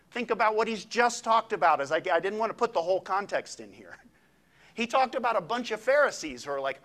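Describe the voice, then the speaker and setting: A man preaching a sermon with a slightly high voice. He talks conversationally, tossing in quick asides. His pitch leaps and dips as he preaches. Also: animated, fairly bright tone. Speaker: pastor.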